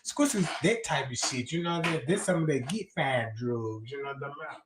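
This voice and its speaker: A man's voice: mid-range voice, lively intonation, reverberant, very noisy. A man hosting a livestream, giving crude, mocking, profane commentary. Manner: mocking, profane, drawn-out delivery. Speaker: livestream host.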